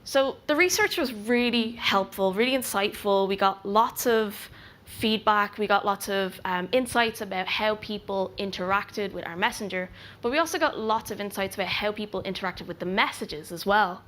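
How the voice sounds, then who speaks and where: Woman giving a measured conference talk. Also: mid-range voice, fairly bright tone. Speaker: product researcher.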